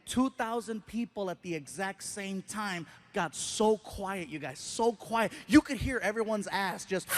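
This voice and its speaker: A middle-aged man performing stand-up on a theater stage, telling a story with lively acted-out voices and loud yelps. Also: a little slow, a little hiss or hum. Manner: animated, acts out characters with loud high yelps. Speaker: stand-up comedian.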